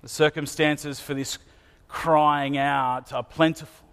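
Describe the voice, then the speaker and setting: A man's voice: fairly high pitch, flat delivery, slow pace, a bit bright, clear, resonant tone. A man preaching a sermon in an earnest manner, asking his listeners searching questions. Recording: long hall reverb.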